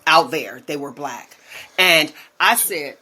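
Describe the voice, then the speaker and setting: A woman in her forties telling stories in casual chat as a podcast host, animated and often laughing. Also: deep voice, slow, slightly rough. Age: 40s.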